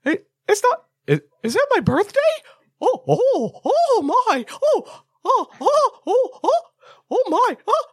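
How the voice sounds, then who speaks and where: A cheerful cartoon mouse in a piercing falsetto squeak. The exclamations tumble out breathless and excited. The sound is dry and close. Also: male voice, takes it slowly, no echo, full character voice.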